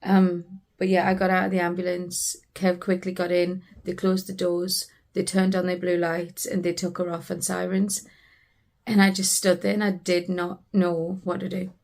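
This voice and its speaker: A woman's voice: fairly low pitch, completely flat delivery, moderate pace, a little mellow. A British woman, a family vlogger, earnestly retelling a frightening family emergency in a personal storytelling vlog.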